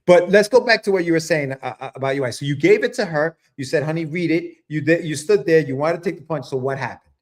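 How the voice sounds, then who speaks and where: A man's voice: a little high, fast talker. A man hosting a casual interview, talking through his thoughts with frequent restarts. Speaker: host.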